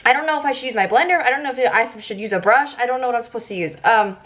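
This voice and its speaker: A young woman vlogging casually about her makeup, excitable and giggly, chatting as she works. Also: a little high, very fast. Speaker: beauty vlogger. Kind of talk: casual makeup tutorial chat. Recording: slightly dull lo-fi audio.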